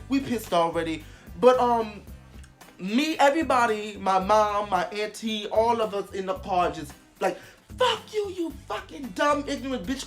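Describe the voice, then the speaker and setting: Young vlogger telling a heated story. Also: medium pitch. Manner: animated, emphatic, heavy swearing. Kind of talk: casual storytelling.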